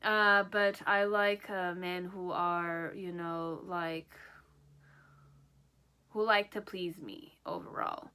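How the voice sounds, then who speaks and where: A woman's voice: lowish voice, takes it slowly, pushed and bright, smooth. A woman giving a pick-a-card tarot reading, speaking in first person as the person being read. She rambles and hedges, often checking in with "okay?". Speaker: tarot reader.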